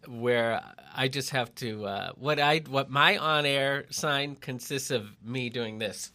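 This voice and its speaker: Bright-voiced chatty middle-aged man. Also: medium pitch, takes it slowly. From Lexington, Massachusetts. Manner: rambling, self-interrupting, joking. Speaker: mobile strategist and copy editor. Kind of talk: casual podcast chat. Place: separate barn at home.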